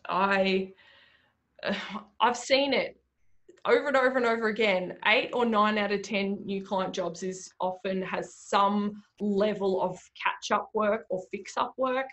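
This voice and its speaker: A woman's voice: medium pitch, measured pace. A woman hosting a solo business podcast, chatting casually with lots of fillers. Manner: chatty, animated, many fillers like "you know" and "like". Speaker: podcast host, bookkeeping business owner.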